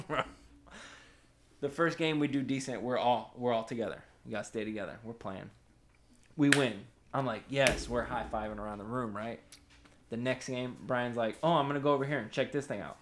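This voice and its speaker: A man chatting casually on a podcast, telling a gaming story. He laughs often and swears freely. His voice sits at a middle pitch. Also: moderate pace, a bit bright. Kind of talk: casual chat.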